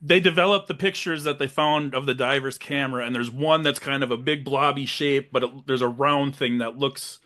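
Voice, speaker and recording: A young man co-hosting a casual movie podcast, retelling scenes with animated quick silly voices. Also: medium pitch. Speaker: podcast co-host.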